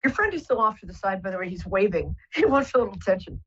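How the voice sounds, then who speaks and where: A woman's voice: mid-range voice, sing-song, fast talker, a bit bright, husky, dull audio. A woman hosting a live psychic call-in show, talking soothingly and rambling with many fillers. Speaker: psychic radio host.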